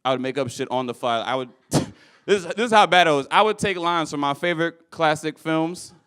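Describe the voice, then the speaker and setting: Young male stand-up comic, bright and clear voice, animated, stage mic. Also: moderate pace. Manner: animated, acts out characters with shouted high voices. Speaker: stand-up comedian. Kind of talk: stand-up comedy set. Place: comedy club stage. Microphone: handheld stage mic.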